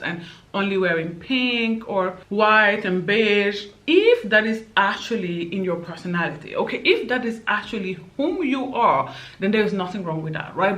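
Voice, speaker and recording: A woman's voice: mid-range voice, fairly bright tone. Sassy emphatic woman vlogger. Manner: sassy, emphatic, fillers like "okay" and "like". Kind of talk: casual opinion rant.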